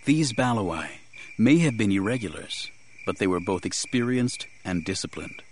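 A man giving measured, grave first-person audiobook narration. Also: on the low side, lively intonation, a little mellow, a little hiss or hum.

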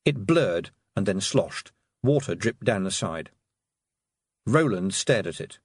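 A man narrating a storybook with expressive, vivid storytelling. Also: on the low side, slow pace, slightly rough, dry recording, studio quality. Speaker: audiobook narrator. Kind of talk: scripted narration.

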